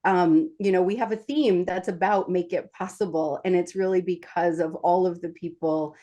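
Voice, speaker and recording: A woman's voice: lowish voice, steady tone, normal speed, warm tone. A woman who leads a nonprofit, giving earnest remarks over a video call with frequent filler words. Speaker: nonprofit leader. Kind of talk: prepared remarks.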